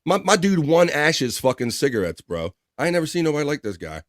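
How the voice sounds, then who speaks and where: A man's voice: on the high side, big pitch swings, a little fast, no room sound, studio quality. A man from Baltimore with a Baltimore accent and a slight drawl, hosting a live online show in loose, profane casual chat. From Baltimore, Maryland. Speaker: podcast host.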